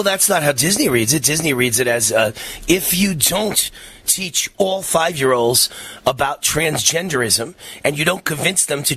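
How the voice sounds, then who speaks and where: Husky-voiced man hosting talk radio. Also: on the high side, pushed and bright, no room sound. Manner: emphatic, combative. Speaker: radio talk show host. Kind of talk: talk radio, reading ads and interviewing.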